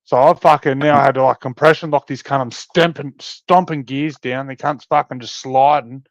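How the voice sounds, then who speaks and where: An Australian man tells rowdy stories in casual chat, swearing freely as he goes. His recording is dry, with no room sound at all, and a little dull and muffled at the top. His voice sits at an ordinary middle pitch. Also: moderate pace, dry recording. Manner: swearing-heavy, animated storytelling. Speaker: podcast co-host.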